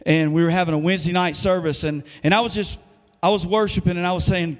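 A male pastor delivers a sermon in a church sanctuary, talking conversationally and tossing questions out to his congregation. His voice sits a little high for a man, and a long reverb hangs around it in the big room. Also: fast talker. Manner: conversational preaching with call-and-response questions.

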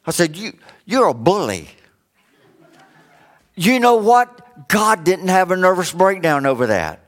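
A middle-aged male pastor delivers a sermon at an unhurried pace. His voice sits fairly high, climbing when he drives a point home and sinking low for joking asides. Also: sing-song, fairly bright tone. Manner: swings from raised preaching to low joking asides.

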